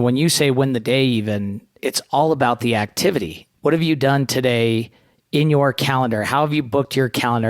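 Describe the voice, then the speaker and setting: A man's voice: mid-range voice, no echo, studio quality. A man hosting a podcast, explaining earnestly and checking in with "right?". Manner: earnest, explanatory, tag questions. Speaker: podcast host. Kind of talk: podcast conversation.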